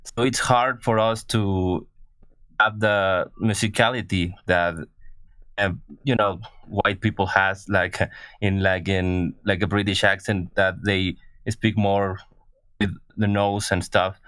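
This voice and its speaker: Male caller with a Mexican Spanish accent, lowish smooth voice, slow and halting, pausing to find his words. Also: little pitch movement, a bit bright, no room sound. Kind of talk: casual call-in chat.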